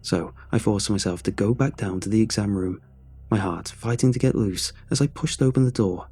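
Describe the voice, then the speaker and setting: A man reading a horror story aloud as a narrator, in a tense, hushed storytelling manner. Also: lowish voice, normal speed, a little hiss or hum. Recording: soft music underneath.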